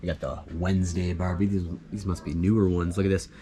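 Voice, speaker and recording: His voice sits low, fairly quick and fairly even in intonation, as he vlogs through an indoor flea market amid crowd noise. He chats easily about what he notices while store music plays in the background.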